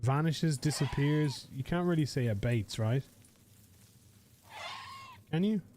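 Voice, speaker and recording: A man's voice: a little high, takes it slowly, dark tone, slight background noise. A man live-streaming a survival game, chatting to viewers in a rambling, casual way and swearing freely.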